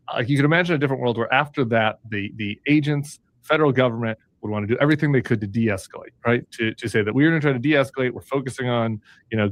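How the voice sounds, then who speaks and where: Low-voiced man, halting earnest commentary. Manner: earnest, halting with many fillers. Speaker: co-host presenting news clips. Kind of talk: livestream commentary.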